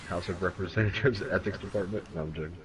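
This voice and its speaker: Deep-voiced man in rambling gaming chat. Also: quick pace, distant mic, music in the background. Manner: rambling, profane, frequent restarts. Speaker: stream co-host.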